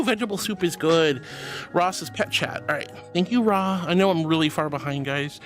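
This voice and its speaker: A man streaming live who reads chat messages aloud and thanks viewers warmly, calling them honey and darling, with bursts of excited squealing. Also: on the high side. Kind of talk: livestream chat reading.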